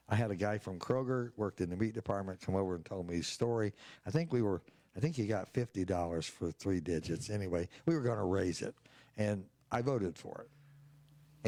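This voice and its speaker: An older man, a state representative appearing as an interview guest, answers with folksy stories in a low, gravelly, darkish voice, acting out both sides of the dialogue he remembers. The recording is close and dry, with no echo or room sound.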